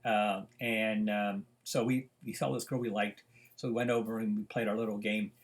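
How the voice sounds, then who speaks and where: A man's voice: lowish voice, level tone, moderate pace. Older man telling stories in a lecture. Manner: rambling storyteller with many fillers. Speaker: professor. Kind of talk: recorded lecture with anecdotes.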